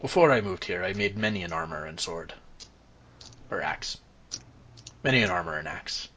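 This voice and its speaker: A man voicing a proud, gruff old male dwarf who works as a forge master, with booming, old-fashioned phrasing. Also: very animated, normal speed, bright, forceful tone, slight background noise, full character voice.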